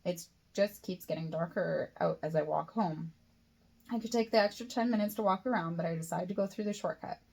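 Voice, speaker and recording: A woman's voice: lowish voice, fairly quick, creaky, darkish tone, slightly rough. A woman reading her own novel aloud as a first-person audiobook, in a plain reading voice that slips and restarts now and then.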